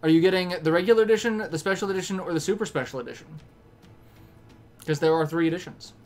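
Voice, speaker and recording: A man's voice: high-pitched, quick pace, darkish tone. A young man casually chatting on a game livestream, rambling between topics and reading game lines aloud.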